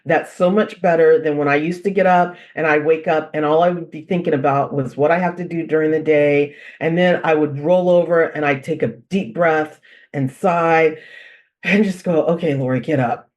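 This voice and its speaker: Animated woman telling stories with laughter. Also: deep voice, moderate pace, lo-fi sound. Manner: animated storyteller, repeats phrases for emphasis; laughs while talking. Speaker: parenting guest expert. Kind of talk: conversational interview.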